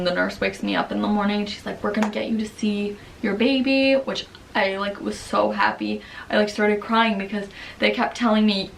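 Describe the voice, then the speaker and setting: Chatty Long Island woman, gravelly edge. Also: medium pitch, a bit bright, recorded from a distance, slight background noise, poor audio. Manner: chatty, many "like"s, quotes others in quick bursts. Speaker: vlogger. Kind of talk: casual storytelling to camera.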